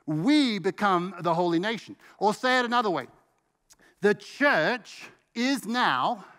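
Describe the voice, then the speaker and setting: A man preaching a sermon as pastor, emphatic and slowing down to stress key words. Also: sits high, fairly bright tone, in a large hall. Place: church sanctuary.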